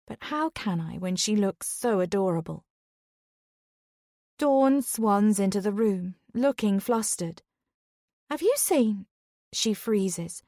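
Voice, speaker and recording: A woman reading a first-person thriller audiobook in a calm, even storytelling voice. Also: medium pitch, dry recording, clean studio sound. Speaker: audiobook narrator.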